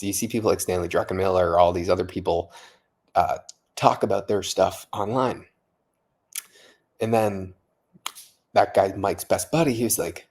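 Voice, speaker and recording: A man's voice: low-pitched, moderate pace, long pauses, a little mellow. A man vlogging late at night, a little tipsy from vodka, rambling, swearing and repeating himself in amazement. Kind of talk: casual late-night vlog monologue.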